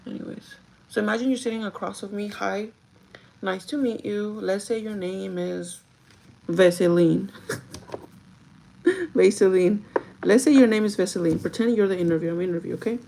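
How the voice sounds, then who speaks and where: A woman's voice: medium pitch, moderate pace, gravelly, warm tone, a little hiss or hum, poor audio. A woman chatting casually to her live viewers while doing her makeup, talking straight to them and laughing often. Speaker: livestreaming vlogger and store manager.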